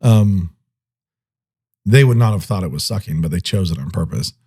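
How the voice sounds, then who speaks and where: A man's voice: deep voice, expressive, normal speed, mellow, slightly rough. A man co-hosting a podcast in casual chat, playful, joking with goofy sound effects and frequent laughs. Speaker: podcast co-host.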